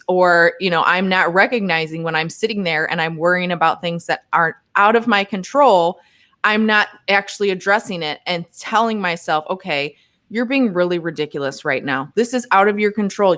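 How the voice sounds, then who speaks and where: A woman's voice: on the low side, fairly bright tone. A woman co-hosting a podcast, reflectively explaining a point in casual chat. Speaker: podcast co-host.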